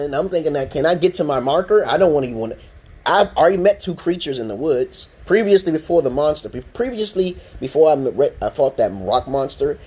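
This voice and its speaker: A man's voice: mid-range voice, darkish tone, slightly rough. A man from Brooklyn, hosting a casual livestream and telling a rambling, profane story full of restarts. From Brooklyn, New York, USA. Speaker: livestream host.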